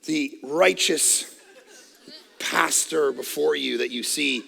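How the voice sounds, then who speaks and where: Wearing a headset mic, a middle-aged pastor delivers a sermon in a long, echoing church auditorium. His high, rough, very gritty voice rings bright and forceful as he preaches loudly at full energy, poking fun at himself, though he keeps a slow pace.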